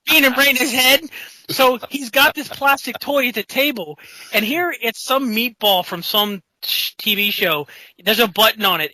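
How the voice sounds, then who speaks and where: Bright-voiced man telling a gaming story. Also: high-pitched, dry recording, low-quality recording. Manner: animated anecdote-teller who acts out quotes. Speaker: guest in a casual tabletop-gaming chat. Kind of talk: casual storytelling chat.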